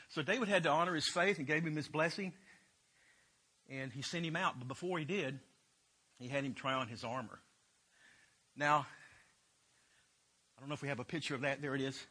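A man's voice: on the high side, moderate pace, pauses often, sharp tone, husky. A man teaching a Bible lesson, retelling scripture in loose everyday talk.

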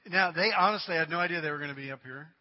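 High-voiced preacher man, dramatic and jokey with the crowd, echoing church hall. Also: rapid-fire. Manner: dramatic, swings between loud cries and low asides; humorous, addresses the congregation directly. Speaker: pastor. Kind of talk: sermon. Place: church sanctuary. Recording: dull recording with long hall reverb.

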